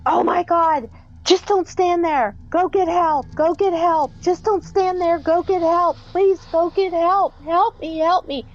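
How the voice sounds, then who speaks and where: A woman's voice: extremely high pitch, measured pace, dull audio, voice pushed up. A woman voicing a weeping ghost woman who screams and begs for help, in a frantic, repetitive way. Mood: frantic pleading.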